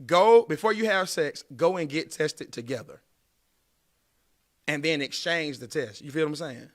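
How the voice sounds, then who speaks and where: Pausing often at a normal speed, a man with a slightly high voice lectures his podcast audience about dating. He's in his late thirties, animated and preachy, speaking casually and directly to listeners.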